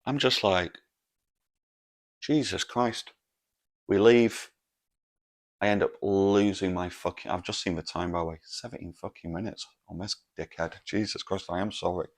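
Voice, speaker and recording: Host, man, low gravelly voice, exasperated, swears constantly. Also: fairly even intonation, normal speed. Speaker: podcast host. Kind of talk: solo comedic podcast rant.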